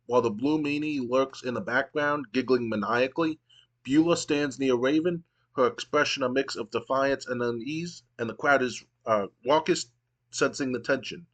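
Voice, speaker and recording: A man's voice: mid-range voice, moderate pace. A man casually narrating his wrestling management game, storytelling loosely with fillers. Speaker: game streamer.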